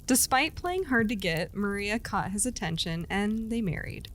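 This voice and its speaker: A woman's voice: medium pitch, animated, normal speed, a bit bright, a little hiss or hum, low-quality recording. A woman co-hosting a podcast, telling a legend in casual chat and laughing often between lines. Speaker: podcast co-host.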